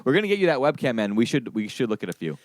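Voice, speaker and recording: Comedy podcast co-host: a teasing man who laughs a lot, with a lively, mid-pitched voice in a dry room. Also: very fast, no room sound.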